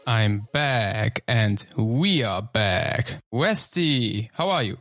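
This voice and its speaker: A man's voice: fairly low pitch, expressive, a bit bright, soft background music. Joking co-host man. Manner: joking, halting speech. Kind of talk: casual podcast banter.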